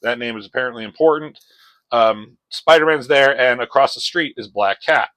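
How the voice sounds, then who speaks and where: In a casual comic book review, a man rambles and swears while retelling the story, acting out scenes in different voices. His mid-range voice is a bit bright and moves at normal speed, on a low-quality recording with no echo.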